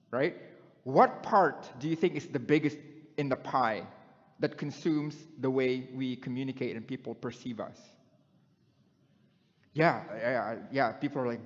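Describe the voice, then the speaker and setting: A middle-aged man preaches a sermon in a relaxed, conversational way, often stopping to put questions to his congregation. His voice sits at an ordinary pitch. The recording is a little muffled and carries a long echo from a church hall. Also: a little slow, pauses often. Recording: dull sound in a long-echoing hall.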